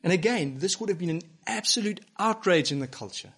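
A male pastor delivers a sermon to people watching at home. His voice sits slightly high for a man. He speaks earnestly and with emphasis, firing off searching rhetorical questions. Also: lively intonation, fairly quick, a bit bright, slightly rough. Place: church broadcast to home viewers.

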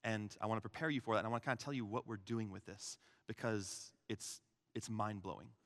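A man preaching a sermon in an animated way, acting out the voices of Jesus and the crowds. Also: lowish voice, a little fast. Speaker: pastor. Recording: long hall reverb.

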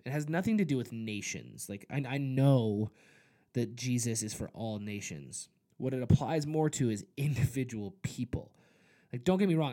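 A man's voice: medium pitch, mellow. A man preaching a sermon in an earnest, conversational way, with casual asides. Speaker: pastor.

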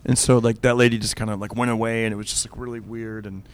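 A man's voice: on the low side, little pitch movement, fast talker. A middle-aged man, a comedian, telling a story in casual chat, rambling with many restarts and fillers.

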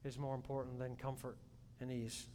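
A man preaching a sermon in a church, swinging between loud emphatic peaks and soft hushed asides. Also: level tone, moderate pace. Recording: long hall reverb, faint rumble.

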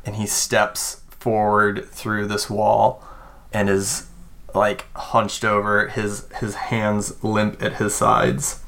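A man running a tabletop game, narrating a horror scene slowly and deliberately, with many fillers. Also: fairly low pitch, completely flat delivery, gravelly, fairly bright tone. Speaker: game master.

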